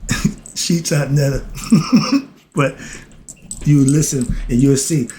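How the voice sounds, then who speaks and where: A man's voice: a little high, a little mellow, slight background noise. A man giving an informal spoken lesson. His manner is streetwise and preachy; he swears and laughs, flares into heated rants, then apologizes and recollects himself. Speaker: self-styled philosophy teacher.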